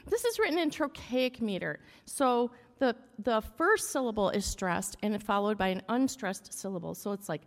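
A woman's voice: mid-range voice, sing-song, normal speed. A woman leading a casual hymn lesson for a congregation, explaining rhythm with frequent "okay?" and humming beats. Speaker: church music leader. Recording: long echo of a large room.

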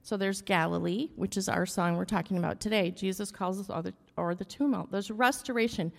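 A woman's voice: mid-range voice, a little fast, creaky, hardly any pauses. A woman leading a casual hymn lesson for a congregation, explaining rhythm with frequent "okay?" and humming beats. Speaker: church music leader. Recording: long echo of a large room.

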